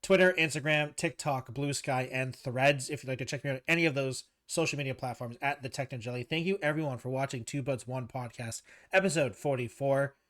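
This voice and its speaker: Male podcast host, mid-pitched, teasing and relaxed, trailing off softly. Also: fairly quick, few pauses. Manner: teasing, trails off quietly at phrase ends. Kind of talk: casual chat.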